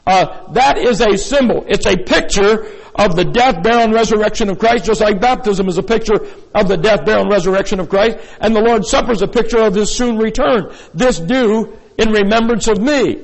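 A man's voice: high-pitched, brisk, vocal fry, hardly any pauses, in a large hall, low-quality recording. A man preaching a sermon as pastor, in a folksy, rambling way with many fillers and asides. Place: church sanctuary.

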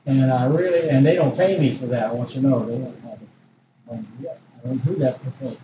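A man's voice: mid-range voice, normal speed, highs cut off. Older male preacher, echoey and distant. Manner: folksy, rambling storytelling with restarts. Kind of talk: sermon. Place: church. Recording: distant echoey church recording with noise.

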